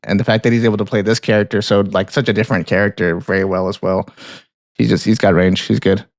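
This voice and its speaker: A man's voice: on the low side, flat delivery, fast, no echo, clean studio sound. A man co-hosting a casual movie podcast, laid-back and rambling, with lots of "yeah" and "like". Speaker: podcast co-host.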